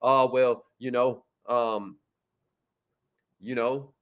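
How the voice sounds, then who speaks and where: A man's voice: mid-range voice, steady tone, drawn-out words, pitched below the performer's own voice. A man voicing a pushy, hesitant salesman who stumbles and needles a prospect. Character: pushy, stammering male salesman pressuring a prospect.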